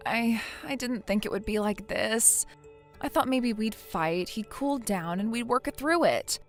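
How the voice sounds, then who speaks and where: A woman's voice: a little high, measured pace, soft background music, natural voice. Vivian, a woman voicing a whiny, defensive wife. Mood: dejected. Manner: pleading, defensive. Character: self-pitying young wife, whiny and defensive. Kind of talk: text-message story read aloud.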